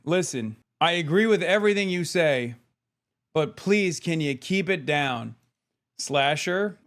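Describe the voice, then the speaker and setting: A man's voice: fairly high pitch, a bit bright. A man streaming live, reacting to clips and ranting about politics with frequent swearing. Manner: profane, ranting political commentary.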